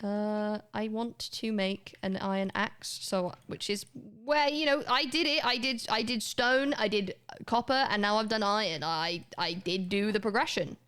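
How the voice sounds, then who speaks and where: A young woman talks to her viewers while she plays a game. Her talk is loose and chatty, with a laugh close at hand and the odd swear word. Her voice sits at a middle pitch. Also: a little slow, hardly any pauses, fairly bright tone, clean tone. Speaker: live streamer. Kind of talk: casual gaming livestream chat.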